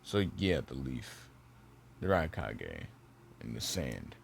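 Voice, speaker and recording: A man's voice: a bass voice, big pitch swings, slow pace, gravelly, slight background noise. A young man casually retelling a fan-made ninja story, rambling with lots of fillers and restarts.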